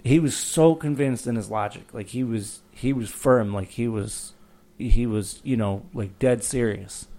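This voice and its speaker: Laid-back man with a mellow voice. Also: mid-range voice, measured pace, hardly any pauses. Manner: rambling storyteller, laughs at his own story. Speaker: podcast co-host. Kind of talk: casual chat.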